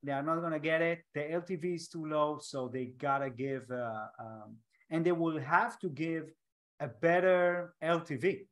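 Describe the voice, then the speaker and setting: A man with an Israeli accent, a native Hebrew speaker, hosting a casual interview over a video call, speaking haltingly with frequent restarts and non-native grammar. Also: fairly high pitch. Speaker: podcast host.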